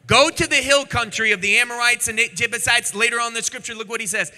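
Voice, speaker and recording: High, bright-voiced preacher in a reverberant hall. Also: male voice, fast talker, hardly any pauses. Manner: dramatic scripture reading, acting out voices, builds to shouting. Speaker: pastor. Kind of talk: sermon. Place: church sanctuary. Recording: long church hall reverb.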